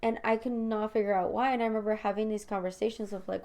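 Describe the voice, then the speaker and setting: A woman's voice: mid-range voice, fairly even intonation, fast, a little mellow. Reflective woman hosting a spiritual podcast. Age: adult mother of school-age children. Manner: reflective and confessional, full of "you know" and "like"; talks straight to listeners as "you guys". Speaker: podcast host. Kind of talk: personal spiritual podcast monologue.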